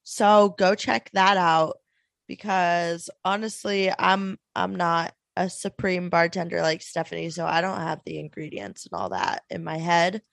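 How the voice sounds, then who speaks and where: A woman's voice: lowish voice, measured pace, creaky, dry recording. A woman co-hosting a casual podcast, upbeat and laughing, chatting loosely with a friend. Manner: hyper, laughing, swearing. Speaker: podcast co-host. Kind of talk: casual chat.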